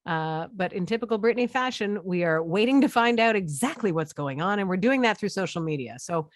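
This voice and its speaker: A woman's voice: medium pitch, expressive, fairly quick, dry recording, studio quality. A woman co-hosting a casual chat show, laughing often and trying out accents. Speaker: co-host.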